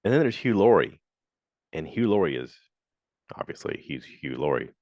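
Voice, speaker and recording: A man's voice: very animated, moderate pace, darkish tone, dry recording. A man hosting a casual solo podcast, rambling through reviews with lots of fillers and acted-out quotes. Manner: rambling and chatty, acts out quotes in high voices. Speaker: podcast host.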